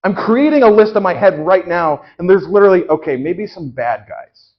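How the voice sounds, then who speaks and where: A man improvising an indignant customer who loudly complains and demands a refund in a live comedy show. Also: high voice, expressive, normal speed, highs cut off. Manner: loud, indignant, repetitive complaining. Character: indignant man returning rude balloons.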